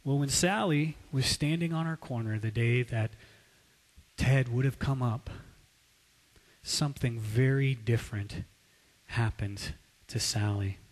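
A male preacher telling a story in a sermon, dramatic, swinging between loud and hushed. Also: mid-range voice, measured pace. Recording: long hall reverb.

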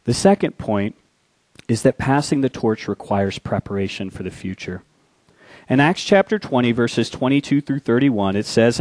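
A man preaching a sermon, reading scripture and telling a war story, swinging from hushed and slow to loud and urgent. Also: medium pitch, animated, dry recording. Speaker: pastor.

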